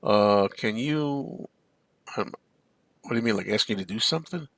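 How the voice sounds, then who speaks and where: A man's voice: fairly low pitch, animated, moderate pace, gravelly, a bit bright, dry recording. A man hosting a casual live-stream chat, rambling and answering viewer comments. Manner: rambling, chatty, reads viewer comments aloud. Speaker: show host.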